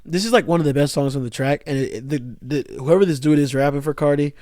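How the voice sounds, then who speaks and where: A man's voice: fairly high pitch, fast, darkish tone, no echo, studio quality. A young man giving a rambling, slangy music commentary rant, full of fillers and restarts. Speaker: music YouTuber.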